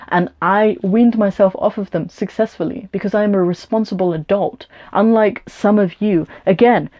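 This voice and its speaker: A woman's voice: mid-range voice, warm tone. A young woman from England vlogging a storytime rant, blunt and combative, swearing often as she answers a hostile comment.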